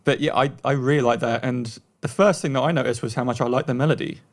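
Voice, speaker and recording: A man co-hosting a songwriting podcast, giving warm praise of a track in a casual chat, often restarting his sentences. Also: medium pitch, fairly even intonation. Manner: warm praise, halting starts and repeated words. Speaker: podcast co-host. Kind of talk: casual chat reviewing songs.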